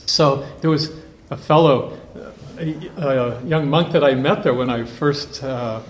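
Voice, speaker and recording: A man, a priest, giving a relaxed conversational talk to a group at a retreat, telling stories and thinking aloud. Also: medium pitch, measured pace. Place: meeting room with a group. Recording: echoey room, faint background hum.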